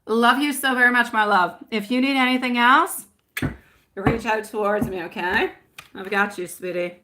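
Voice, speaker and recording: A woman's voice: on the high side, moderate pace, bright, forceful tone, a little hiss or hum. A woman reading tarot on a live stream in casual chat, affectionate and laughing often, calling viewers my love and sweetie pie.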